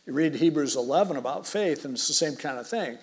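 A middle-aged man preaching a sermon in a relaxed, conversational, storytelling way. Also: fairly high pitch, brisk. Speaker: pastor.

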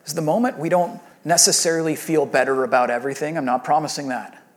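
A man in his thirties, a pastor, preaching a sermon in a conversational storytelling way that swings from lively to hushed. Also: on the high side.

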